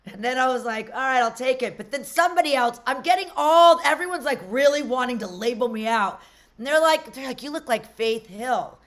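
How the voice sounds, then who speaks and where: Woman, middle-aged, from Las Vegas, comedy host, stand-up, brash, rambling, higher voice. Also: lively intonation, brisk, fairly bright tone.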